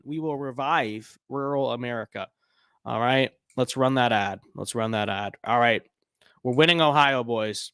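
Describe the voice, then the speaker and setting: A young man talks through a game he is playing in a loose, rambling way, tossing in tongue-in-cheek boasts as he goes. His voice sits fairly high and the sound is dry and close. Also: pushed and bright, no echo. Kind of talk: casual gameplay commentary.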